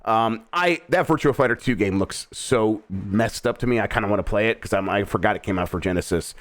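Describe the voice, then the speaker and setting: An easygoing middle-aged American man hosts a game news show. He has a lowish voice and scatters fillers between the headlines. The sound is dry and close to the mic. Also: a little fast, fairly bright tone, dry recording. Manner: easygoing, many uh fillers, reads headlines then riffs. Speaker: host. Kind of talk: casual news chat.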